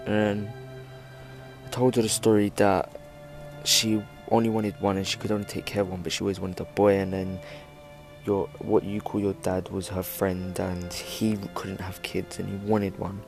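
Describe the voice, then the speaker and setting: A man's voice: deep voice, little pitch movement, normal speed, gravelly, faint music behind. A young man telling a personal story for his vlog, rambling with lots of "like" fillers. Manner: rambling, filler-heavy "like" delivery. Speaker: vlogger.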